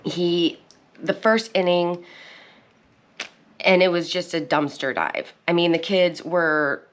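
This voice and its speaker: Low-voiced chatty woman vlogger. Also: fairly even intonation, slow pace. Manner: rambling, chatty storytelling with restarts. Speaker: channel host. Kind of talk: casual chat.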